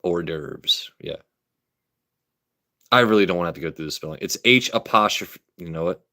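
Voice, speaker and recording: Deep-voiced man joking with his live chat. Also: expressive, normal speed, bright, forceful tone. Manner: joking, swearing, talks back to chat. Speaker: livestream host. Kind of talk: casual live stream chat with viewers. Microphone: phone camera.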